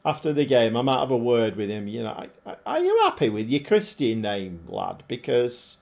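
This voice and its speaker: A middle-aged man commentating live on his football management game, animated and often shouting at his players. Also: medium pitch, normal speed, gravelly. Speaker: game streamer.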